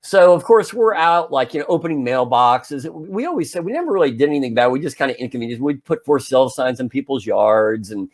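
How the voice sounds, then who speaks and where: In a mid-range voice that moves fairly quickly with little pausing, a podcast co-host in his forties relates an anecdote. He performs the roles along the way, yelling included.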